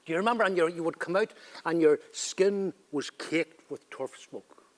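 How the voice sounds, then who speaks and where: An older man, telling stories and reciting verse in a playful, lively way. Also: a little high, normal speed. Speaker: poet. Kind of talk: theatre dialogue and poem recital.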